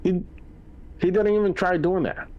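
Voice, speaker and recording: A man hosting a casual podcast chat, excitable and stammering as he argues his point. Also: high voice, normal speed, lo-fi sound, crowd noise. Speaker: podcast host.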